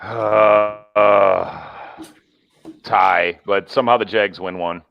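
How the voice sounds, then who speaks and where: A man's voice: on the low side, steady tone, slow, creaky, highs cut off. A man on a sports podcast panel making dry, wry remarks about the games. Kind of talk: casual podcast chat.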